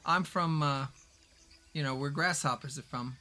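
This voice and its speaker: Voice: medium pitch, a little slow, pushed and bright, slight background noise. A game master voicing a shifty, crowned fairy creature who insists he is a grasshopper and fibs about everything. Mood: playful. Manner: evasive, playfully fibbing, bouncy. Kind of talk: tabletop role-play.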